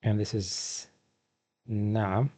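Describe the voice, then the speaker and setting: A man teaching a beginner vocabulary lesson from slides, asking questions and then slowly repeating each word twice. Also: on the low side, little pitch movement, dark tone. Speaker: Arabic teacher.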